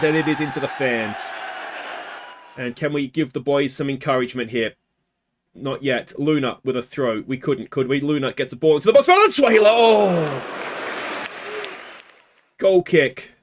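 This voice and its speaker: An Australian man hosting a let's play, talking casually through a game and swinging from quiet muttering to anguished shouts. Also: on the high side, normal speed, crowd noise, noisy background.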